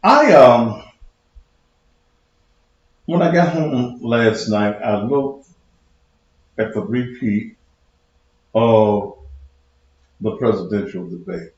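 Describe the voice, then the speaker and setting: A man's voice: mid-range voice, lively intonation, very slow, pauses often, darkish tone, heavy reverb, muffled recording. A man hosting a talk show in a loose, emphatic monologue, a little out of breath. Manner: loose, conversational, emphatic with repetition.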